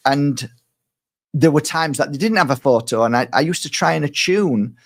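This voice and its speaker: A man's voice: fairly high pitch, expressive, normal speed. A middle-aged man, a spiritual healer and medium, talking casually to his viewers and often rambling, repeating words and restarting his sentences.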